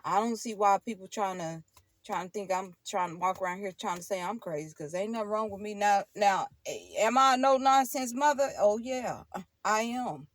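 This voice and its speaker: A woman's voice: medium pitch, moderate pace, dry recording. A middle-aged woman, talking straight to her viewers in a casual monologue, emphatic and repetitive, laughing often. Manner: emphatic, repeats herself, laughs often, preachy asides. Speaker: tarot channel host.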